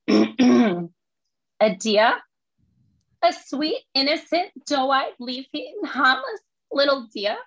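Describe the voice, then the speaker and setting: A woman voicing a brash, fast-talking woman with a New York accent, delivering an emphatic rant. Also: sits high, very animated, a bit bright, no room sound, highs cut off, voice pushed up, heavily acted. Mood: indignant.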